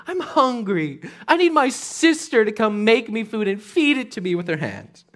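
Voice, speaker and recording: A man's voice: high-pitched, sing-song, fairly bright tone, pitched above the performer's own voice. A man doing a whiny spoiled prince faking sickness. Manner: whining, pleading, drawn-out.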